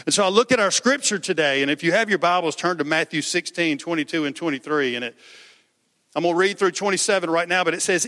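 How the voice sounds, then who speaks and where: A man preaching a conversational, animated sermon with jokes in a church. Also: a little high, brisk, long reverb tail. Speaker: pastor. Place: church sanctuary.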